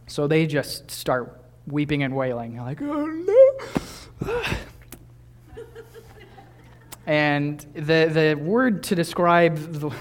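A young man in his twenties preaching a sermon in a conversational way, with small laughs and restarts. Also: a little high. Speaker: pastor.

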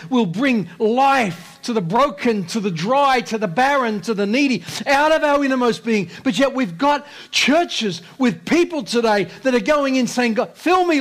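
A man preaching a sermon as pastor, impassioned, repeating phrases, swinging between loud exhortation and hushed low lines.

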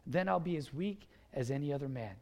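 A man's voice: fairly high pitch, expressive, brisk, a little mellow, big-room sound, voice pushed down. Weary strongman giving in, voiced by a preacher. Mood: grudging. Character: strong man confessing, weary and plain.

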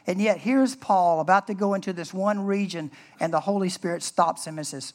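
A man's voice: high-pitched, moderate pace, few pauses. A man preaching a sermon as pastor in an earnest, conversational way.

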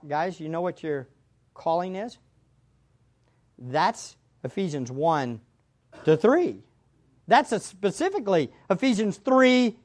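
A woman preaching a sermon, speaking to her listeners directly, repeating key phrases and swinging between loud and hushed. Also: sits low. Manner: addresses the congregation directly.

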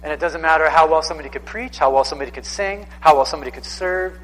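A man's voice: on the high side, racing, fairly bright tone, big-room sound, rough recording. A man in his thirties preaching a sermon in a casual, conversational way, often repeating himself for emphasis. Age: 30s. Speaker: pastor.

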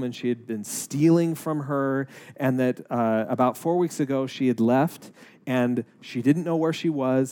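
Man sharing a personal testimony. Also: mid-range voice. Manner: earnest, animated retelling with acted-out quotes. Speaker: speaker giving a personal testimony. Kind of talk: conversational storytelling testimony.

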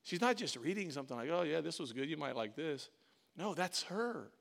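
Man, middle-aged, pastor, sermon, slightly high voice, quiet storytelling rising to loud animated preaching. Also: fairly quick, vocal fry. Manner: calls on the congregation, uses "y'all".

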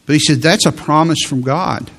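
Male preacher, slightly high gravelly voice, emphatic sermon delivery. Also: fairly bright tone. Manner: slow emphatic preaching, quoting scripture.

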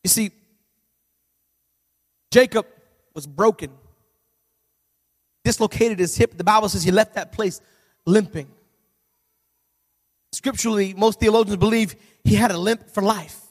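Male pastor, sermon; lively comic storyteller who builds to shouts; high voice with long hall reverb. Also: measured pace, long pauses. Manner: animated, humorous storytelling that swells into shouting.

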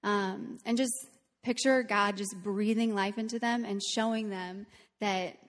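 A woman's voice: mid-range voice, steady tone, a little slow, long reverb tail. A woman leading worship, telling a story to the congregation in a chatty, earnest way, with frequent "um"s. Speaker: worship leader. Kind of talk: casual talk to a congregation.

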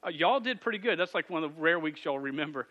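A man's voice: on the high side, expressive, fast talker, sharp tone, dull audio. A man, a youth pastor preaching to students and parents in a jokey, self-deprecating storytelling way. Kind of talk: sermon to a youth group and parents. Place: church youth room.

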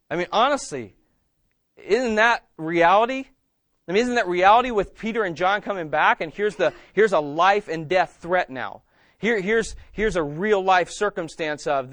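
A man's voice: on the high side, dry recording, studio quality. A man, preaching a sermon as pastor in a church and putting questions to the congregation. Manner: animated, asks the congregation questions.

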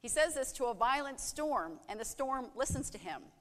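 A woman's voice: sits high, lively intonation, normal speed, a bit bright. Woman preaching in a reverberant hall. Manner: earnest, rhetorical questions, acts out prayers. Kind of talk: sermon.

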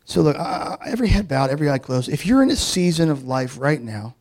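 A man's voice: a little high, big pitch swings, fairly quick, a little mellow. A man preaching a sermon as a pastor, in a casual, conversational way with many fillers before he leads a prayer.

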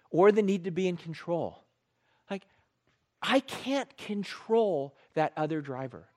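A man preaching a sermon as a pastor, telling stories with animated, playful self-mockery. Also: fairly high pitch.

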